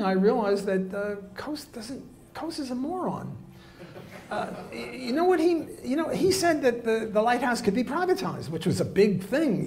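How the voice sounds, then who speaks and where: A man's voice: high voice, darkish tone. A man giving a live economics lecture, blunt and jokey, with many fillers and restarts.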